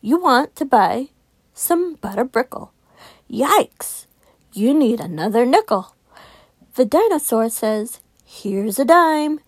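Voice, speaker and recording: A woman reads a picture book aloud for children in a lively, sing-song voice that swoops up and down. She takes her time, and the sound is close and dry. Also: on the high side, no room sound. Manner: expressive, sing-song, slow and clear. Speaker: children's story reader.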